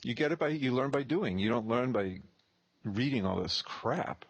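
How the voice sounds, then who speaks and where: Man in his thirties, real estate teacher, casual profane storyteller, mid pitch, dry close sound. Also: lively intonation, moderate pace, no echo. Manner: blunt, profane, acts out both sides of the dialogue.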